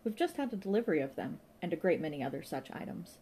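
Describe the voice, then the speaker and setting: A flirtatious museum shop receptionist, as a woman reading a storybook puts her on, prattling in a breezy, gossipy, naive way. The voice is lifted and eager over a mellow base. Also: lowish voice, very animated, fast talker, slight background noise. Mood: chatty.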